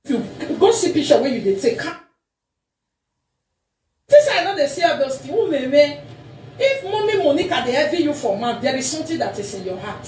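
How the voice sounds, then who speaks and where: A woman's voice: sits high, very animated, normal speed, pauses often, a little mellow. A woman, chatting loosely with exclamations. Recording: far off mic, echoey room with faint noise.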